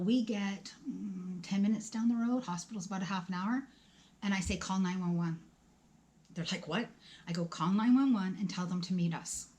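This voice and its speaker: A woman's voice: lowish voice, a little mellow. Woman in her forties telling a personal story. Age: 40s. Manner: conversational, emotional, acts out dialogue, drops to whispers. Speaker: vlogger.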